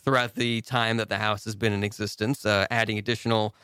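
A man's voice: fairly low pitch, level tone, brisk, sharp tone, clear, resonant tone, dry recording, clean studio sound. A man hosting a mock interview in an improv comedy bit, hesitant and full of fillers, with a wry tone.

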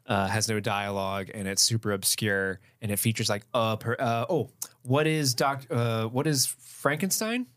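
A man's voice: fairly low pitch, normal speed, fairly bright tone. A man co-hosting a casual podcast chat, talking in a rambling, hesitant and playful way. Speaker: podcast co-host.

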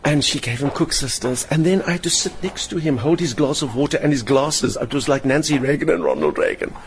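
A man's voice: a little high, fairly quick, creaky. An older man, a satirist telling theatrical anecdotes in an interview and mimicking the people in them. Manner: lively, theatrical, mimics other voices in anecdotes. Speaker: satirist and performer, interview guest. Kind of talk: animated storytelling in conversation. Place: hotel lounge. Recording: faint room noise in a hotel lounge.

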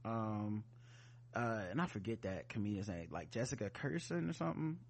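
A man hosting a podcast, talking casually in an animated, rambling way, full of asides and fillers. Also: fairly low pitch, normal speed. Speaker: podcast host. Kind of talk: casual chat.

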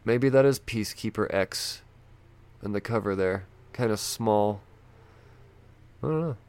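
Gravelly, rambling man. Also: fairly low pitch, measured pace, a little mellow. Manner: rambling, loose and profane, thinking aloud. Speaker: comic book vlogger. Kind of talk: casual chat.

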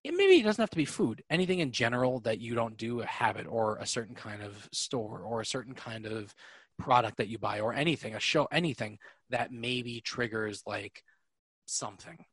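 A young man hosting a casual podcast, his voice bright and forward with a husky grain. He rambles, laughs easily and swears without thinking, and the sound is dry and close with no room around it. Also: medium pitch, animated, moderate pace, no echo. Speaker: podcast host.

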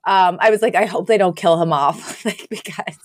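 A woman with a lowish voice co-hosts a podcast at a normal speed, casually retelling a sitcom episode. Animated and laughing, she acts out the characters' lines, and the studio-quality recording is dry.

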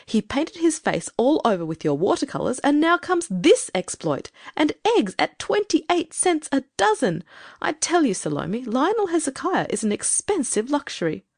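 A woman voicing a stern, irritable grown woman in an audiobook, speaking in a brisk, firm, scolding way. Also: high-pitched, big pitch swings, no room sound, clean studio sound, voice pushed up. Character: stern, irritable grown woman who sets strict rules. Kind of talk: audiobook character reading.

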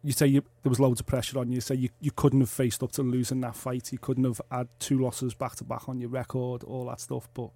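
A man's voice: mid-range voice, no echo. A man hosting a sports talk radio show from a studio. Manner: energetic presenter, fast links.

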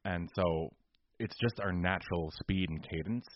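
A man's voice: low voice, normal speed, no room sound, muffled recording. A man co-hosting a podcast, telling a story in casual chat, exasperated and ranting. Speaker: podcast co-host.

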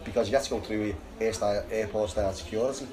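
A man's voice: on the low side, steady tone, very fast, low-quality recording. A man with a Liverpool accent telling a long rambling story, laughing and restarting as he goes. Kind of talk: casual anecdote. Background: crowd chatter.

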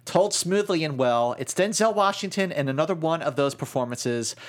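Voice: mid-range voice, moderate pace. A co-host of a film podcast chatting casually, telling stories animatedly and quoting critics. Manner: animated storyteller, quotes critics.

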